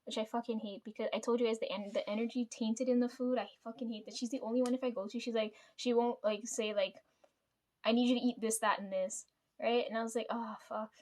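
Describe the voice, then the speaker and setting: A woman vlogger chats straight to camera in a loose, rambling way. Her voice sits a little on the high side. She swears freely and laughs between her thoughts. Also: steady tone, fast talker, a little mellow. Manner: rambling, frequent swearing, chatty asides. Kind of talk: casual storytelling to camera.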